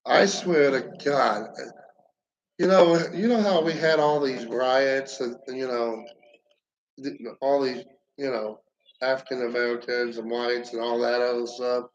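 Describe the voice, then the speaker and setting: A man giving a rambling stand-up comedy monologue, halting and profane, with lots of fillers and restarts. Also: mid-range voice, steady tone, lo-fi sound, a little hiss or hum. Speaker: amateur comedian.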